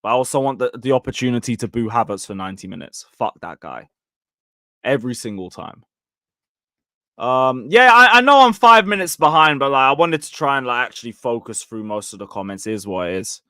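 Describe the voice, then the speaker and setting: A man's voice: mid-range voice, animated, fairly quick, sharp tone, clear, resonant tone, no room sound, studio quality. A young man giving a blunt, sweary, rambling live review of a football match and reading viewer comments. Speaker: football fan channel host.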